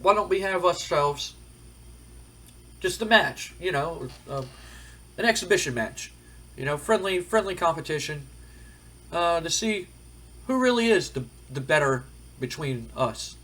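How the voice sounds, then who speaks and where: A man voicing a jealous younger brother who wrestles, in a sarcastic, needling way, with a husky voice. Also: a little high, lively intonation, measured pace, pauses often, a bit bright, pitched above the performer's own voice.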